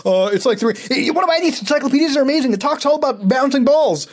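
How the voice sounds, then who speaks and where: A man doing a manic, high-pitched telemarketer. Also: lively intonation, fast. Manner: manic, gushing sales pitch. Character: hyperactive male telemarketer pushing encyclopedias.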